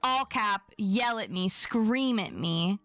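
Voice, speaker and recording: A woman's voice: mid-range voice, takes it slowly, fairly bright tone, dry recording, soft background music. A young adult woman chatting casually on her live stream, bubbly and chatty as she greets viewers by name.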